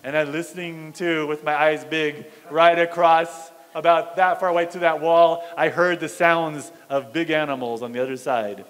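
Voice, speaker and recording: A male pastor telling a story in a sermon, with an animated, dramatic delivery, in a church fellowship hall. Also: on the high side, moderate pace, few pauses.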